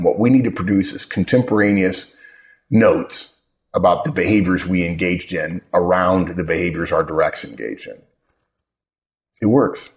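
A man with a very low voice hosts a casual podcast, talking with emphasis and leaping up in pitch when he stresses a point. He restarts sentences as he tells his stories. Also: darkish tone. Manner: emphatic, with sudden jumps in pitch. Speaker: podcast host. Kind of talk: casual podcast talk on management.

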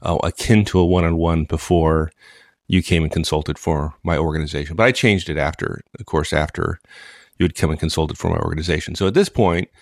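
Gravelly deep-voiced man, dry sound. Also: dry recording. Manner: animated, repeats phrases. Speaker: co-host, manager. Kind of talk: casual storytelling chat.

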